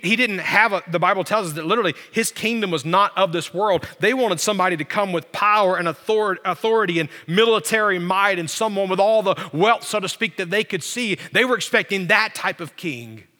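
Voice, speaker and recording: A man preaching a sermon as pastor, swinging from loud, climbing emphasis down to low, quiet stretches. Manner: preaching with big swings in pitch and loudness. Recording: long hall reverb.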